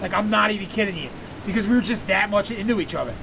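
A man's voice: high voice, fast talker, vocal fry, noisy background. A man hosting a podcast, telling a long profane story in a rambling casual way and laughing often. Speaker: podcast host.

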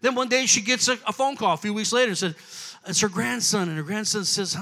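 A man preaching a sermon, telling a story and building up to shouted preaching. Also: high-pitched, fast. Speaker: pastor. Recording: echoey hall.

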